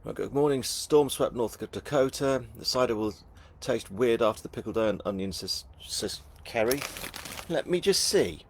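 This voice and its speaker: A middle-aged man with a Northern English accent reads out viewer comments at a live book launch, chatting casually in a jokey, self-deprecating way. His mid-range voice is expressive and moves at a moderate pace, with a little hiss or hum in the background.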